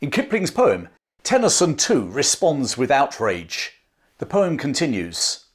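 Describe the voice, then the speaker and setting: A man's voice: a little high, big pitch swings, normal speed. A man narrating history in a scripted, dramatic storytelling manner, letting phrases fall away at their ends.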